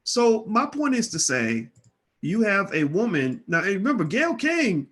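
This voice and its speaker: A man with a slightly high voice speaks straight to his online audience in casual commentary. He presses hard, demanding yes-or-no answers again and again. He often stumbles and restarts his words as he goes. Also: huge pitch swings, moderate pace, fairly bright tone, breathy edge. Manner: stammering restarts.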